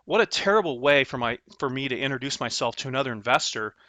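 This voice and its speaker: A man hosting a real estate investing channel, telling a story in a casual, animated way and acting out both sides of his conversations. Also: medium pitch, fast talker, dry recording.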